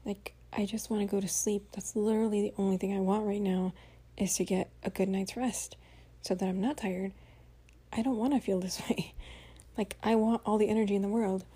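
A tired woman talks in a casual spoken-diary podcast, chatty and venting, full of fillers and the odd swear. Her voice is mellow and slightly husky, with a middling pitch. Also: level tone, a little fast. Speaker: podcast host. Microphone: home voice recording.

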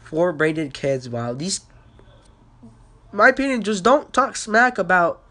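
A man's voice: high voice, big pitch swings, takes it slowly, pushed and bright. A teenage boy hosting a casual podcast, sick and coughing, rambling with lots of fillers and swearing. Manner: rambling, profane, filler-heavy. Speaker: podcast host.

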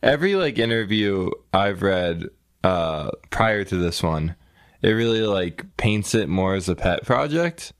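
A man co-hosting a casual podcast, easygoing and quick to laugh. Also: low voice, expressive, no echo, clean studio sound. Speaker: podcast co-host. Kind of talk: casual chat.

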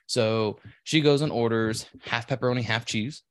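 A man's voice: mid-range voice, expressive, fast talker, hardly any pauses, no room sound. A man in a mid-range voice winding through a long anecdote, swearing freely and poking fun at himself. His voice is close and dry on a podcast microphone, and he talks with loose, easy pacing. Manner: rambling storyteller, profane and self-deprecating. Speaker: podcast co-host. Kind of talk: casual chat.

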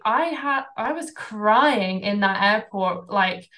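A woman's voice: on the high side, lively intonation, a little slow, a bit bright, low-quality recording. A woman guest on a coaching podcast, telling her own story candidly, swearing casually and using lots of "like" fillers.

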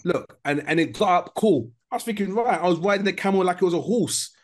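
Un homme d'âge moyen à l'londonien raconte une anecdote avec entrain, dans une discussion décontractée de podcast. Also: male voice, high-pitched, fast. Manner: animated storytelling, lots of slang. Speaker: podcast co-host. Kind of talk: casual chat.

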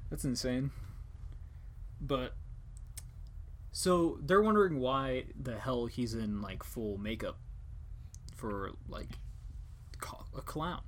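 A man's voice: medium pitch, slow, long pauses, a little hiss or hum. A young man hosting a casual podcast chat, rambling and joking with casual swearing. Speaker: podcast host.

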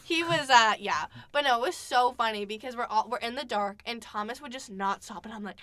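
A young woman hosts a podcast, telling stories in a casual, animated way, acting out quotes and filling her speech with fillers. Her voice is on the high side, and she talks briskly with few pauses.

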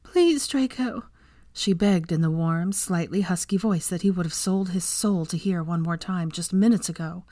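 A woman reading fan fiction aloud as an audiobook narrator, in a measured, even storytelling voice. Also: lowish voice, no echo.

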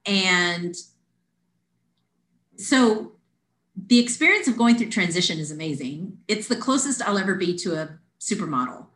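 A woman's voice: on the low side, measured pace, pauses often. Woman telling a story, roomy echo. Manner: animated, acts out quoted voices. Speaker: podcast guest. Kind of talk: casual storytelling.

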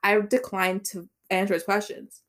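A young adult woman co-hosting a podcast, telling a story in a lively, profane way with bursts of laughter. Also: medium pitch, moderate pace. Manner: animated storytelling with swearing and laughter. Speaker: podcast co-host. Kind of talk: casual chat.

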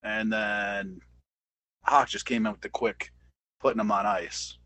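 A man co-hosting a casual podcast chat, animated and playful. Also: on the low side, measured pace, no room sound. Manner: animated, mocking impressions in bursts. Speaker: podcast co-host. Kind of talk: casual wrestling review chat.

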